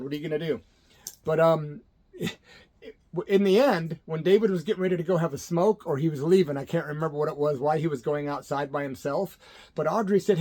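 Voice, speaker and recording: A man's voice: fairly high pitch, a little mellow. A middle-aged man from Illinois, hosting his own channel and telling a story in a laid-back, jokey way. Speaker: channel host. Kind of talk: casual storytelling to camera.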